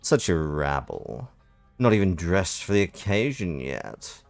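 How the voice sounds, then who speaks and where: A man voicing a haughty female harpy in a game, speaking slowly with cold contempt. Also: deep voice, sing-song, creaky, faint music behind, full character voice. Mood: scornful.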